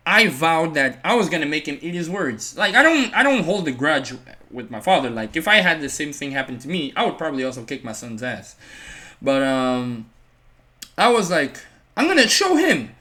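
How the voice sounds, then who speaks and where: A man casually telling a personal story in a storytime vlog, with a lot of "like" and acted-out quotes. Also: a little high. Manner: animated retelling, filler-heavy with many "like"s; acts out quoted voices of others.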